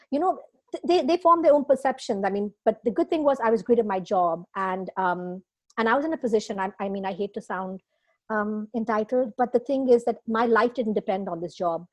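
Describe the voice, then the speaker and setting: A woman guest in a casual interview, talking expressively with frequent fillers and laughs. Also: fairly high pitch. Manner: expressive, emotional, laughs often, many fillers.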